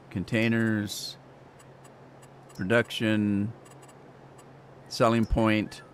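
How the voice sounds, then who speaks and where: A man with a lowish voice streams a farming game, with slight background noise. His commentary is casual, full of rambling stories and chuckles.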